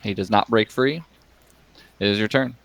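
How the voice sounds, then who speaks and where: A man's voice: lowish voice, normal speed, gravelly, a bit bright. A young man running a tabletop game as game master, talking casually with lots of fillers and frequent laughter.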